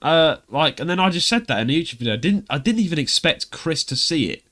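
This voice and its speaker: A man's voice: a little high, expressive, quick pace, bright, forceful tone. A young British man hosting a casual podcast chat, rambling and laughing often as he tells stories. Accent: British English. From Britain. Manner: chatty, rambling, laughs often, puts on voices when quoting others. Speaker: podcast host.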